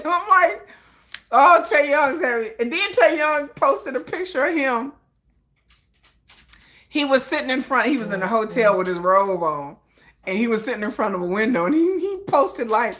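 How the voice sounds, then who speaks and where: A woman's voice: high-pitched, expressive, moderate pace, fairly bright tone. A woman hosting a casual livestream, chatting and laughing often and greeting viewers in the chat. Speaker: livestream host.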